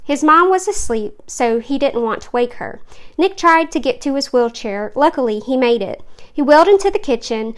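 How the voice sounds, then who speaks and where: A woman reading a story aloud in a plain, steady voice. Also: high voice, normal speed. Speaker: story reader.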